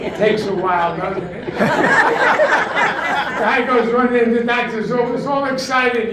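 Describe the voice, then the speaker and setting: Older man, stand-up at a retirement home show: high voice, unhurried jokes, chuckles, distant mic in an echoey noisy room. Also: a crowd in the background. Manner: slow, deliberate delivery of one-liners, chuckling at his own punchlines. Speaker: stand-up comedian at a talent show. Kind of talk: stand-up joke telling. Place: community room of a retirement residence.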